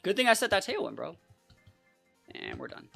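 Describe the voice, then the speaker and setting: An excitable young adult talks through a competitive match, casual and quick to react. The voice swings widely in pitch. Soft music plays underneath. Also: gravelly. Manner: casual and excitable, heavy use of "like" and "bro". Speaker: competitive battle player and channel host. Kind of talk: live gameplay commentary.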